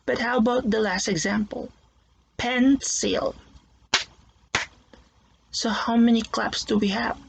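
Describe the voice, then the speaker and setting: Teacher, recorded lesson for young pupils, slow and careful, gravelly voice, faint background hiss. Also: mid-range voice, steady tone, rough recording. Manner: slow, careful, sounding out words syllable by syllable.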